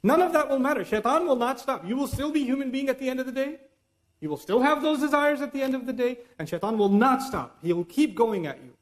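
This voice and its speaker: A man giving a religious lecture in an animated, conversational way, now and then reciting Arabic verses. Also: very high voice, fast talker. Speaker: Islamic lecturer.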